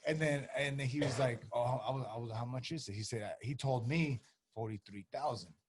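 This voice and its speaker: A man's voice: mid-range voice, fairly quick, breathy edge. A man telling a story in a laid-back way, cursing freely and acting out both sides of the exchange. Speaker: guest, pro boxer. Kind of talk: casual storytelling chat.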